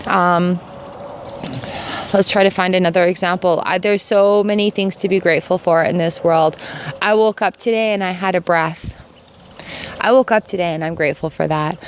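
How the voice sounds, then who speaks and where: Middle-aged woman vlogger, earnest and upbeat, outdoor yard recording with faint noise. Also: fairly low pitch. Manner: earnest, upbeat, repeats phrases for emphasis. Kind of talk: casual outdoor gratitude vlog.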